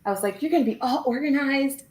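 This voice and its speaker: A woman's voice: sits high, fast talker, darkish tone, echoey room, low-quality recording. A woman co-hosting a casual crafting livestream, talking cheerfully through her steps with lots of fillers.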